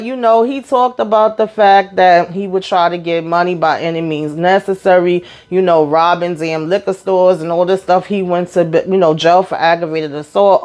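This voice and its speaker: A woman hosting her own channel and recapping a reality TV episode in a casual, animated way, swearing freely and acting out what the people on the show said. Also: lowish voice.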